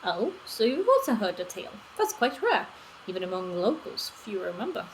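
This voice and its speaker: A woman's voice: medium pitch, very animated, moderate pace, slight background noise, low-quality recording. A woman voicing an earnest male tea merchant villager, speaking in formal, old-fashioned phrasing.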